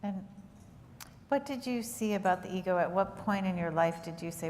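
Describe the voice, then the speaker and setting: A woman's voice: mid-range voice, moderate pace, darkish tone. A woman moderating a panel, asking probing, curious questions. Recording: echoey hall with faint background noise.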